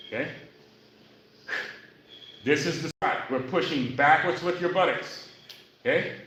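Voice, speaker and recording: A man coaching a seniors' exercise class, counting reps and checking in with the group after nearly every point. His voice is bright and a little high, and it carries through a very echoey room, heard from some distance away from the mic. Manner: demonstrating moves while talking, energy rises when explaining. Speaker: senior fitness instructor. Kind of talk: live exercise class instruction.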